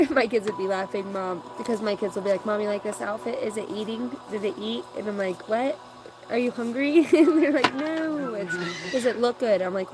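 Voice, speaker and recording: A woman's voice: mid-range voice, background noise. Playful woman reading oracle cards live. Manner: playful, joking, chatty. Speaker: oracle card reader. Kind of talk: live-stream card reading.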